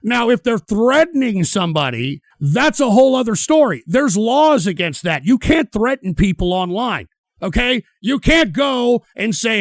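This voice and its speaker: A man's voice: sits high, very animated, unhurried, no room sound. A man streaming, reacting to clips with heated, sneering, swear-filled ranting. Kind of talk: profane ranting commentary.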